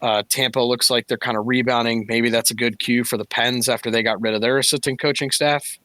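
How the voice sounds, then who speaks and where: A man's voice: medium pitch, steady tone, fairly quick, pushed and bright, no echo. A man co-hosting a podcast, talking hockey in a casual, analytical way with frequent fillers. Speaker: podcast co-host. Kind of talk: casual sports chat.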